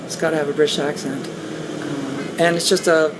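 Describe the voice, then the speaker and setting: Brief: woman guest, low voice, halting and rueful delivery, noisy recording. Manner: hesitant, frequent restarts, rueful. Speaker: guest on a talk stream. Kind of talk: casual conversation. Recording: steady background noise.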